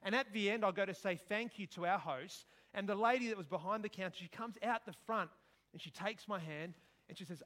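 A middle-aged man preaching a sermon, telling stories and breaking into sudden loud outbursts. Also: high voice, brisk.

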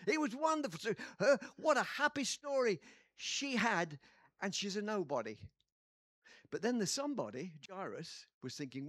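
Male preacher, dramatic sermon storytelling, animated and dry. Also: sits high, normal speed, no room sound. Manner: dramatic storytelling, acting out quotes with shouts.

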